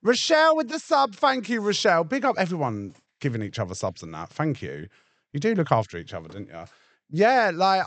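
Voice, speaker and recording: A man hosting a casual livestream, chatty and sweary, reacting to clips. His pitch swings widely as he talks. The recording is dry and close to the mic. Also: no room sound. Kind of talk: casual chat.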